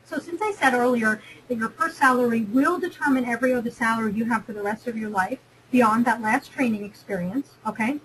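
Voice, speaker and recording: A woman's voice: fairly high pitch, a little fast, slight background noise, rough recording. A woman from New Jersey giving a chatty, emphatic webinar lecture on negotiation, often repeating and restarting phrases. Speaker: career webinar presenter.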